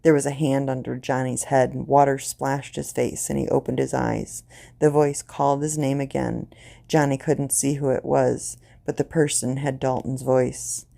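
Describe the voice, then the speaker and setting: Brief: woman storyteller, deliberate grim reading, mellow dark tone with fry. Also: rumbling low, flat delivery. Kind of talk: reading a short story aloud.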